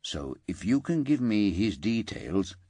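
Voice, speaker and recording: A man voicing a calm, grave police detective sergeant who speaks softly and measuredly in an audiobook. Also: fairly low pitch, breathy edge, no echo, exaggerated voice. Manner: soft, measured.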